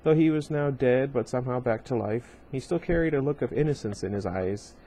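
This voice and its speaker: A man's voice: medium pitch, fairly quick, warm tone. Rambling man reading a book aloud. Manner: rambling, many fillers and side comments. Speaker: reader of a book series. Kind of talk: casual reading aloud with asides. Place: at home.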